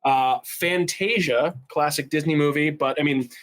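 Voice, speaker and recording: A man's voice: on the high side, fairly even intonation, normal speed. Chatty man hosting a movie podcast. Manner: lists film facts, loose and chatty. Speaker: podcast host. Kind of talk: casual chat.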